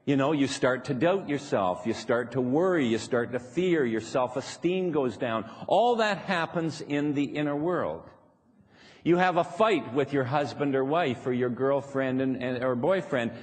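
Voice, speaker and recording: A man's voice: fairly high pitch, expressive, unhurried. Playful man speaking in a reverberant hall. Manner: playful, laughs often, acts out quoted voices. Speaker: seminar speaker. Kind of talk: live workshop talk. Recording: reverberant hall, faint background noise.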